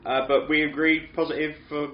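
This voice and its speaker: A man's voice: fairly high pitch, flat delivery, a little fast, reverberant, lo-fi sound. A man co-hosting a podcast, chiming in with brief interjections in casual banter. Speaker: podcast co-host.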